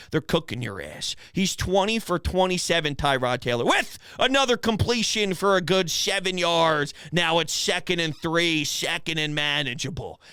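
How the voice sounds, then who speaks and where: A man's voice: sits high, pushed and bright, clear, resonant tone, dry recording, clean studio sound. A male host giving exasperated, mocking play-by-play of a game during a live reaction stream.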